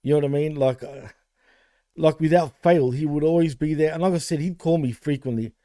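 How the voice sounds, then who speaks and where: A man's voice: fairly high pitch, brisk, mellow, dry recording. A man co-hosting a wrestling podcast, paying a rambling, heartfelt tribute to a late friend, full of fillers. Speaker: podcast co-host.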